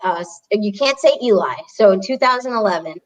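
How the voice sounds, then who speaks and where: A woman's voice: mid-range voice, lively intonation, brisk, highs cut off. Blunt swearing woman fan. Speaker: podcast co-host. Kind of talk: casual sports chat.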